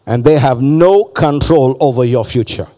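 A man's voice: medium pitch, normal speed, mellow. A male pastor preaching a fervent sermon, repeating phrases and calling on the congregation to respond.

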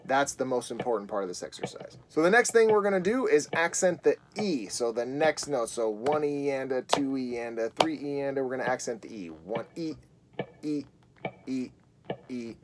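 Man giving a relaxed guitar lesson. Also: mid-range voice, a little fast, hardly any pauses, noisy background. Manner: relaxed explaining with frequent fillers. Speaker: guitar teacher. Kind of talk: casual video guitar lesson.

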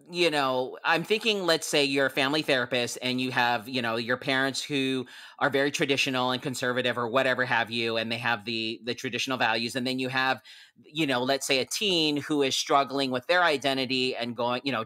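A man's voice: medium pitch, bright, forceful tone. A man co-hosting an interview, asking long rambling questions with plenty of fillers. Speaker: podcast co-host. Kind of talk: casual interview talk.

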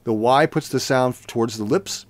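A man teaching singing, explaining warm-ups in a plain, conversational way and breaking into sung scale demonstrations. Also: mid-range voice, normal speed, no echo. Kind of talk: vocal lesson with sung demonstrations.

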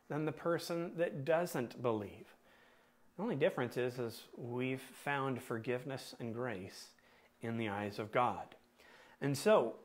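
A man preaching a sermon as pastor, asking the congregation questions and pausing to stress words. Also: mid-range voice. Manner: asks the congregation questions, deliberate emphatic pauses.

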